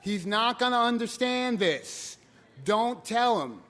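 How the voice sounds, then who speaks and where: A blunt, worried stepmother who warns and pleads, as a man puts her on while telling a story. Her voice sits high and firm. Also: expressive, slow pace, fairly bright tone. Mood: warning. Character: worried stepmother, older woman, warning and blunt.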